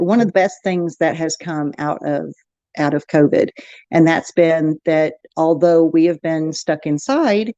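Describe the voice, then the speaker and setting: A woman's voice: sits low, mellow, no room sound, muffled recording. A middle-aged woman with a Texan accent, hosting a casual craft livestream, chatting and reading the chat aloud with frequent laughs. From Texas. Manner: chatty, laughs often, rambling restarts.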